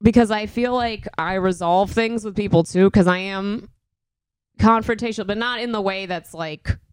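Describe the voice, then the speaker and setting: A woman's voice: medium pitch, normal speed, clear, resonant tone, no echo, clean studio sound. A young woman comedian, telling stories bluntly and acting out heated quotes in casual chat. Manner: blunt, profane, animated storytelling with acted-out quotes. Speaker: comedian, podcast guest.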